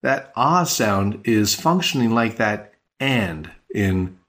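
A man teaching a podcast language lesson, patient and explanatory, slowing down on key words. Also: fairly low pitch, animated, fairly bright tone.

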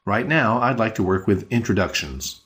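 Male podcast language teacher, lowish voice, patient, explains carefully and slows down on key words. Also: lively intonation, a bit bright.

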